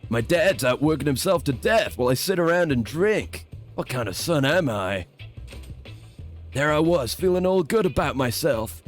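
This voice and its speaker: A man's voice: fairly high pitch, lively intonation, moderate pace, faint music behind, lightly acted. A man voicing a young surfer-bro type who resolves to work hard, in a wobbly put-on American accent. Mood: regretful. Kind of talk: reading game dialogue aloud.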